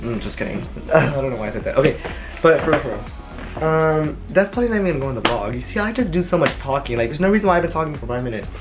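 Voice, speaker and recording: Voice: medium pitch, racing, hardly any pauses. Chatty young vlogger rambling through a haul. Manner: chatty, rambling, animated storyteller. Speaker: vlogger showing a shopping haul. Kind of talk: casual haul vlog chat. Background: faint music.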